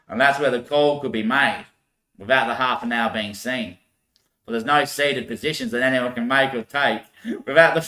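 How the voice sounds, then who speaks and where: A man rambling through a loose, laughing monologue with casual swearing. His voice is bright and carries a roomy echo. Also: mid-range voice.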